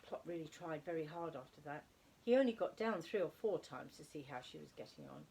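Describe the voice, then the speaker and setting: A woman reading a children's story aloud with expressive delivery, slowing for emphasis. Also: low-pitched, creaky, slightly rough.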